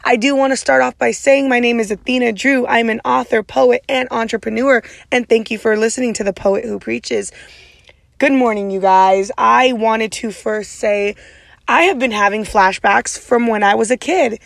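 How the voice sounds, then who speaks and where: A woman hosting a motivational podcast, loud and passionate, with a naturally raspy voice, speaking straight to her listeners. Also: a little high, normal speed, dry recording, clean studio sound. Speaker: podcast host.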